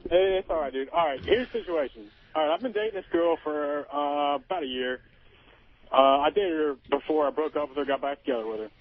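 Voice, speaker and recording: A man's voice: fairly high pitch, brisk. A man calling in to a radio show, rambling casually through his question. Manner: rambling, casual, lots of fillers. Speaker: caller. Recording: tinny phone line.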